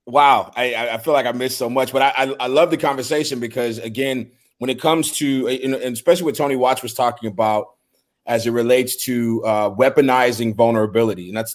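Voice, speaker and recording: On a men's talk show, a middle-aged man with a medium-pitched voice talks earnestly in casual conversation. He often repeats words as he begins a thought.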